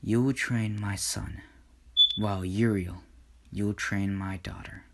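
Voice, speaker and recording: A soft-spoken, unsure fatherly God, as a man puts him on in a fan story, his low voice dropping into a hushed half-whisper. He speaks slowly and ponderously, humming as he thinks. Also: steady tone, gravelly, very noisy. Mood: solemn. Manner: slow, pondering, sighing hums. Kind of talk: amateur fan-story narration.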